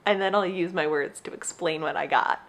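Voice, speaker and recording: A young adult woman hosts her own podcast in a casual solo chat, speaking fairly quickly in a lowish, gravelly voice. She rambles along with gushing enthusiasm.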